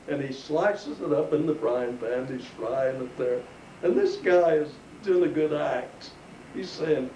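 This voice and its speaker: Speaking at a measured pace in a warm, medium-pitched voice, an older man shares a folksy, laughing anecdote from his past with relatives listening in the living room. The mic sits far off in a roomy space, leaving a light hiss.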